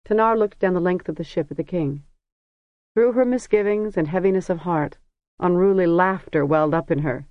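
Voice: medium pitch, normal speed, no room sound. Narrator with a dull, dry sound. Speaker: audiobook narrator. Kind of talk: scripted narration.

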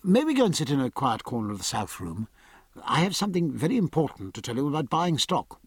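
A man's voice: mid-range voice, big pitch swings, fast, slightly rough, dry recording. A man voicing an earnest, courteous naval officer who speaks politely to his father.

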